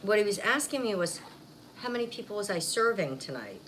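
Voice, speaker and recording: Chatty woman with a bright voice. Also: mid-range voice, sing-song, a little fast, rough recording. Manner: chatty, rambling, laughs easily. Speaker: mukbang vlogger. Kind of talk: casual chat while eating. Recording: faint background noise.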